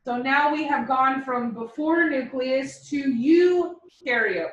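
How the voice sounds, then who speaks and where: A woman with a high-pitched voice teaches a biology class, explaining cells slowly and playfully, joking with students and dramatizing the lesson with hardly any pauses. The audio sounds echoey, as if the mic is far away in the classroom, with the highs cut off and a faint hiss or hum.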